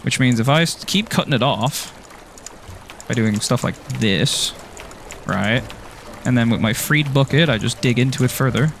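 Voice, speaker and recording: Creaky and slightly bright, his mid-pitched voice moves at a moderate pace with frequent pauses, over a bit of background noise. The Irish streamer rambles through casual gameplay talk, joking with his audience, mocking himself and laughing plenty.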